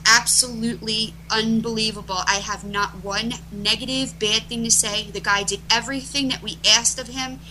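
A middle-aged woman, a guest being interviewed, telling stories emphatically and restarting her phrases as she rushes ahead. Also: a little high, fairly even intonation, bright, forceful tone, slight background noise, poor audio. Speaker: interview guest, event organizer. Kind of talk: animated storytelling in conversation.

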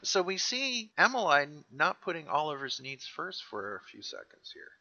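A man's voice: fairly high pitch, normal speed, no room sound, highs cut off. A man co-hosting a casual podcast, animatedly retelling scenes and quoting lines. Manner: animated, jumps into character voices when quoting. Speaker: podcast co-host recapping a show.

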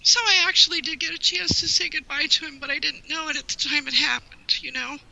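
Bright-voiced woman telling a heartfelt story. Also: sits high, steady tone, fairly quick, vocal fry, no echo, poor audio. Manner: heartfelt, rambling with frequent "you know". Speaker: guest, longtime fan. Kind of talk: personal storytelling in an interview.

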